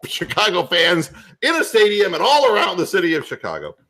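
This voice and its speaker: A man with a high, lively voice rants about football in a loud, profane, comedic way. His tone is bright and cutting, and he swings up and down in pitch as he works himself up. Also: fairly quick. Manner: loud, profane, animated ranting. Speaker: podcast host. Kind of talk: ranting comedic sports talk.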